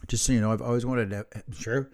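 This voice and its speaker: A man's voice: medium pitch, quick pace. A middle-aged man co-hosting a podcast, joking and laughing in casual chat. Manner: jokey, animated, laughs often. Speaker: podcast co-host.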